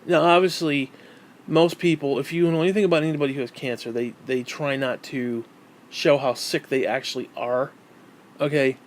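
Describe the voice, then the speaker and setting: A man's voice: medium pitch, fairly even intonation, moderate pace. A man ranting angrily on camera, hostile and swearing constantly. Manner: hostile, heavily profane. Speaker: vlogger. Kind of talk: angry personal rant.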